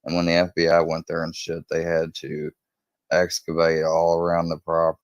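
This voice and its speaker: A man with a very low voice talks in a loose, rambling way, swearing freely. He jumps up into a higher, louder voice when he acts out what people said. The sound is close and dry, with no room around it. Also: monotone, normal speed, clear, resonant tone, no echo, highs cut off. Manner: profane, rambling, acts out quotes in a raised voice. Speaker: true crime storyteller. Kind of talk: casual storytelling rant.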